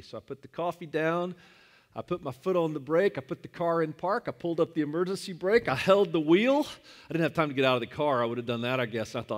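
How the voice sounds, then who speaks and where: Man preaching in a relaxed, story-driven way. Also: a little high, quick pace. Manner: conversational storytelling with personal anecdotes. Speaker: pastor. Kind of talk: sermon.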